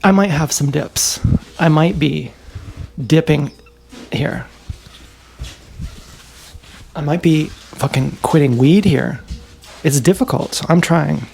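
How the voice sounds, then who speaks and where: Gravelly man rambling to himself. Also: fairly high pitch, takes it slowly, long pauses, darkish tone, faint music behind. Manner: musing, meandering, talks to his dogs. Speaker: vlogger. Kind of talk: rambling casual monologue. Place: home with dogs.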